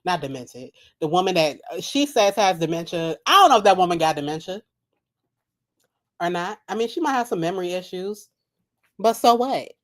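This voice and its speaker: A woman with a lowish voice riffs through a casual live stream. She is mocking and profane and rambles from one joke to the next. She sounds loose and unscripted. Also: sing-song, normal speed. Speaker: live streamer reacting to a video.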